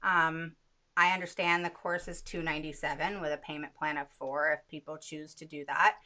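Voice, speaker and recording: A woman's voice: low voice, fairly even intonation, moderate pace, pushed and bright. A woman hosting an interview and running a course, talking in a chatty way full of fillers. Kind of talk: casual interview.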